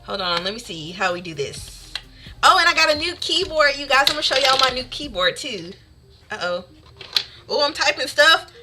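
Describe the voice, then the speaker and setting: A woman's voice: high voice, big pitch swings, moderate pace, music in the background. A woman streamer chatting casually with her live audience, bubbly and chatty, laughing often.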